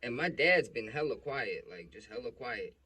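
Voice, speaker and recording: A man's voice: medium pitch, animated, normal speed, pushed and bright, breathy edge. A young man casually telling a personal story, blunt and profane, with plenty of emotion.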